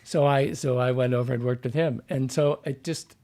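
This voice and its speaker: A man's voice: mid-range voice, fairly even intonation, moderate pace, dark tone. A man who works as a dialect coach, telling stories in a rambling, casual interview with many fillers and restarts.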